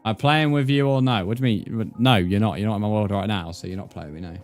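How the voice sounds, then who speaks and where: Young English male streamer, low-pitched and jokey, swearing casually while gaming, faint music underneath. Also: fast talker. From England. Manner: chatty, joking, swears freely, reads chat aloud.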